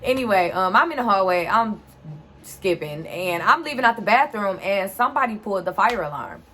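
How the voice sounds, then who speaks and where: Animated woman telling a storytime. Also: mid-range voice, a little fast, a little hiss or hum. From Detroit, USA. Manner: animated, talks straight to viewers. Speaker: vlogger. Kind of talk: casual storytime.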